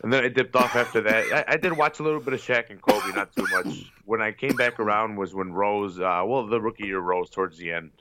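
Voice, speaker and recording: A man's voice: on the low side, a little fast, few pauses, heavy background noise. A man co-hosting a podcast, joking around in loose, profane sports banter. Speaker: podcast co-host. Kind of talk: casual sports chat.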